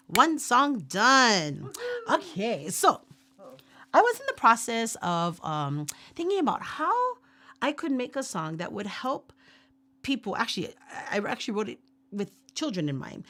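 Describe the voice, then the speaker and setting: A woman leading a workshop, teaching Hawaiian pronunciation slowly and patiently with repeat-after-me drills. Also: mid-range voice, a bit bright. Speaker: ukulele and Hawaiian language teacher.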